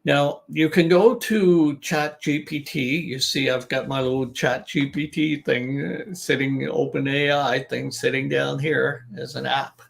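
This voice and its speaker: A man's voice: mid-range voice, steady tone, measured pace, creaky. An older man coaching business English in a chatty talk, restarting sentences and repeating words to show their stress. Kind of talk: informal online teaching talk.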